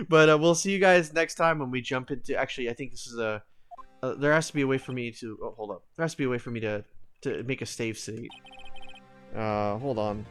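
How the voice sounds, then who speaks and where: A man's voice: mid-range voice, fairly quick, a bit bright, faint music behind. A man hosting a live game stream, chatting casually and laughing often. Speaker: streamer host. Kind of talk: casual let's-play chat.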